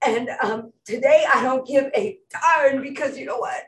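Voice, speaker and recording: Tearful high-voiced woman in an echoey room. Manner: emotional, emphatic, halting. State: tearful, choked up. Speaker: speaker at a memorial. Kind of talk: emotional tribute speech. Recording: roomy, distant mic with faint ambience.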